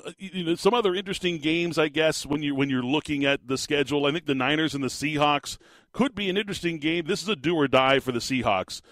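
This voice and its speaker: A man's voice: medium pitch, a bit bright, no room sound. A man hosting a sports talk radio show, giving his opinions in a casual, conversational way with frequent fillers. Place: radio studio. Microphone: studio microphone.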